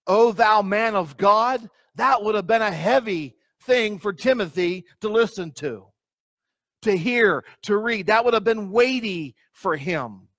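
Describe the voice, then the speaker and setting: A man's voice: sits high, lively intonation, a little slow, a bit bright, no echo. A male pastor preaching a sermon emphatically, reading scripture aloud, repeating key phrases and asking the congregation direct questions. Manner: reads scripture aloud in old-style wording.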